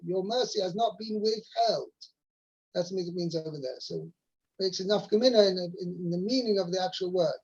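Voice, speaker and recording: A man teaching a weekly Torah portion over a video call, halting with fillers and restarts as he quotes Hebrew verses. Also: sits high, a little mellow, slightly rough. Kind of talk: explaining a weekly Torah text. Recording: muffled video call audio.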